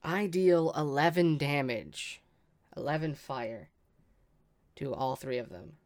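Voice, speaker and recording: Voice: mid-range voice, slow pace. A player in a tabletop game, calling out rolls and actions in a matter-of-fact way. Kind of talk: casual tabletop play.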